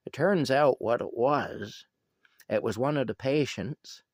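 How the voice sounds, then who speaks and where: A man's voice: medium pitch, unhurried, no echo. A man telling a rambling story casually, with chuckles and asides.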